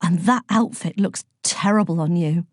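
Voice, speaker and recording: A woman's voice: on the low side, moderate pace, no echo, studio quality, natural voice. A woman voicing a tactless demon of truth in a storybook, blunt and matter-of-fact.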